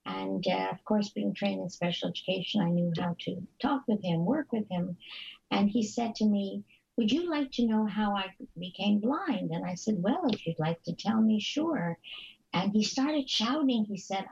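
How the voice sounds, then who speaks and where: Woman interview guest, earnest storyteller, gravelly and husky, slightly dull lo-fi recording. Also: medium pitch, a little mellow. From Canada. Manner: earnest, halting storyteller with many restarts. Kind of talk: telling stories in an interview.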